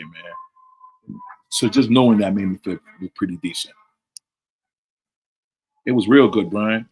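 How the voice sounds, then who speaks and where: A man with a lowish voice runs a casual livestream Q&A, chatting loosely and calling out viewers by name. He repeats himself and drifts on and off his desk mic. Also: husky. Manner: loose, repetitive, talks straight to chat viewers by name. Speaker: livestream host answering chat questions. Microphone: desk microphone, sometimes leaning away from it.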